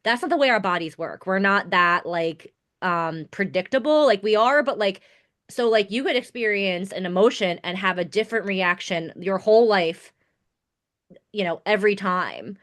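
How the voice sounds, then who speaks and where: A woman's voice: mid-range voice, moderate pace, a bit bright. A woman hosting a podcast interview in a casual, chatty way, laughing often and filling her talk with many filler words. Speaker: podcast host.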